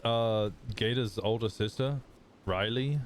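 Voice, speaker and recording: A man's voice: fairly low pitch, takes it slowly. A man chatting casually in character during a role-play stream, rambling through a story with restarts. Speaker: streamer playing a wanted character.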